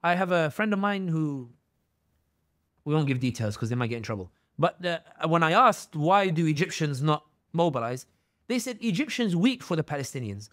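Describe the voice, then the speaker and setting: A man with a raised, fairly high speaking voice talks as a podcast guest, close and dry on a studio mic. He tells his stories with strong feeling and slips into the voices of the people he quotes. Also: normal speed, no room sound. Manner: animated storyteller, acts out quoted voices. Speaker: guest commentator. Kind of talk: podcast interview.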